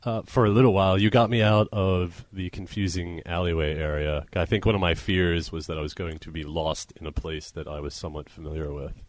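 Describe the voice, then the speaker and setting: A man's voice: low voice, flat delivery, brisk, few pauses, no room sound. A man co-hosting a casual comedy podcast, reading odd news aloud and laughing often. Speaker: podcast co-host.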